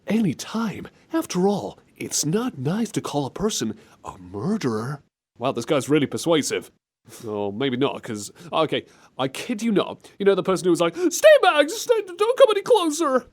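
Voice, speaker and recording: A man's voice: a little high, sing-song, moderate pace, slightly rough. A man hosting a comedic community radio show, playful and rambling, often giggling. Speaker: radio host.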